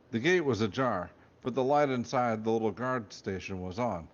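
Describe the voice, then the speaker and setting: Brief: male reader, deadpan comic narration, mid-pitched, dull lo-fi podcast sound. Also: moderate pace, hardly any pauses.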